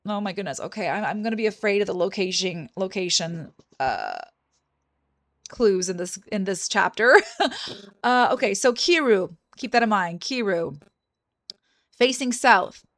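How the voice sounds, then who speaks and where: A woman's voice: medium pitch, animated, measured pace, a bit bright, dry recording, studio quality. A woman hosting a game walkthrough, chatting casually and thinking aloud as she plays. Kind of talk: casual gameplay commentary.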